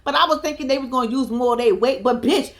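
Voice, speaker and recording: A woman's voice: high-pitched, quick pace. A young woman giving casual, profane, laughing commentary as she recaps a reality TV episode. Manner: animated, profane, laughing storyteller. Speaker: reality TV reaction vlogger.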